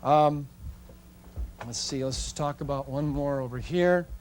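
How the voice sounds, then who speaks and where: A man's voice: medium pitch, a little slow, a little mellow. A middle-aged man teaching portrait photography at a live seminar, telling chatty, folksy stories about his shoots and talking straight to the audience.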